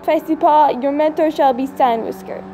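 A woman's voice: high-pitched, warm tone, a little hiss or hum, close to an everyday voice. A woman reading as a solemn cat clan leader. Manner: formal, measured announcing.

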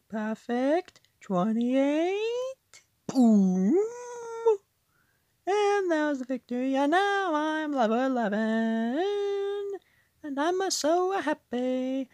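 A woman doing a goofy squeaky gamer voice. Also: a little mellow, no room sound, full character voice. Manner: stretched words with "uh" fillers between them, playful. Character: goofy squeaky over-the-top gamer voice, adult. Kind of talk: playful put-on voice while gaming.

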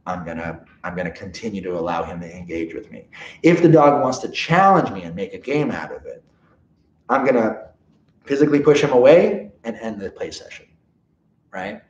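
Animated man teaching dog training. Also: on the low side, normal speed. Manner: animated, checks in often with okay and right. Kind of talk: live training seminar. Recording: roomy, dull lo-fi sound.

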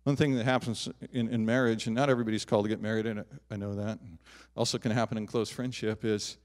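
A middle-aged man preaching a sermon as pastor, swinging from loud emphatic declarations to soft, quiet asides. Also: fairly low pitch, fast talker. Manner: animated preaching, rising loud on emphatic lines, dropping soft on personal asides. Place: church sanctuary.

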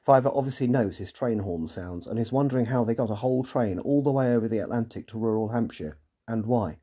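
A man's voice: medium pitch, a little fast, warm tone, slightly rough. A man hosting a podcast, reading a scripted episode recap with dry, sarcastic asides. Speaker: podcast host and narrator.

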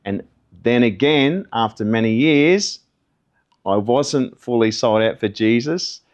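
A man's voice: mid-range voice, lively intonation, slow pace, muffled recording. A middle-aged man gives a personal testimony, telling his story in an earnest, conversational way. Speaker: testimony guest.

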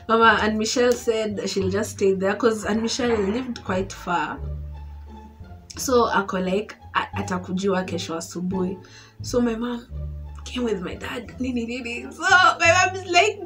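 Animated Kenyan woman telling a story. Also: a little high, normal speed, soft background music. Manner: animated, code-switching English and Swahili slang. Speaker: vlogger. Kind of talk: storytime vlog.

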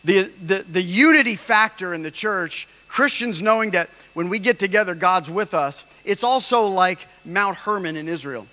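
A man preaching a sermon as pastor, emphatic and rising at times to shouts. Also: high-pitched, expressive, moderate pace, hardly any pauses. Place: church hall. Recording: long reverb of a large hall.

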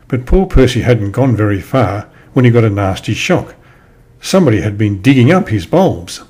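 A man reading a children's story aloud in an expressive storytelling manner. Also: on the low side, moderate pace, slightly rough. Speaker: storybook reader.

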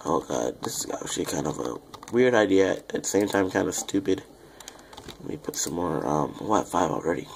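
A young man rambling through casual game commentary, self-deprecating and chatty with viewers, with a quiet voice that sounds off the mic. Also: low voice, animated, fairly quick, gravelly, a little hiss or hum. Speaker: gaming YouTuber. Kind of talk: casual Let's Play commentary.

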